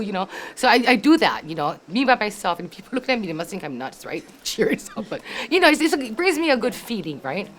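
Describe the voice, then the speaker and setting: An older woman, sharing an emotional family memory in a heartfelt, halting way, repeating herself and saying "you know" often. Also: medium pitch, sing-song, a bit bright. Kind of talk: emotional personal storytelling.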